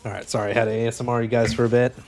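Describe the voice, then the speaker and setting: A man's voice: mid-range voice, flat delivery, very fast, noisy background. A young man streaming a video game, chatting in a laid-back way with frequent swearing. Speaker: gaming streamer. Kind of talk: casual chat while streaming gameplay.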